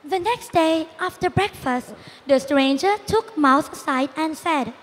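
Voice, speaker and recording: A young woman narrating a school readers' theatre piece carefully and clearly. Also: high-pitched, lively intonation, a little slow, in a large hall, a little hiss or hum. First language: Thai.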